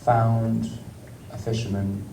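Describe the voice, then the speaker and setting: An English actor in casual stage talk at a film Q&A, hesitant, with many ums and frequent laughs. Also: male voice, fairly low pitch, level tone, takes it slowly, gravelly, far from the mic. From England. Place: large screening hall with audience. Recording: echoey hall, mic from afar, noise.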